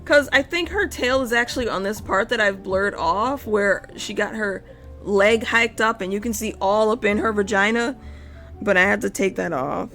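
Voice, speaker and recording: A woman's voice: medium pitch, moderate pace, a bit bright, faint music behind. A young adult woman streaming live, chatting casually and rambling while she draws, with frequent self-interruptions and casual swearing.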